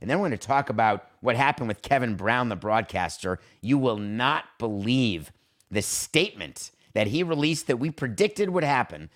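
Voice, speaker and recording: A man hosts a sports talk podcast in a medium-pitched voice, delivering an opinionated monologue. He speaks emphatically and acts out imagined exchanges between teams and players with sharp swings in pitch. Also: animated, moderate pace. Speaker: podcast host.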